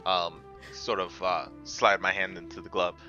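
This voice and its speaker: A man with a very deep yet sharply bright voice plays a tabletop game. He describes his moves haltingly, letting phrases trail off. The recording is dull and lo-fi. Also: level tone, soft background music. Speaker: player. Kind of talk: casual tabletop play.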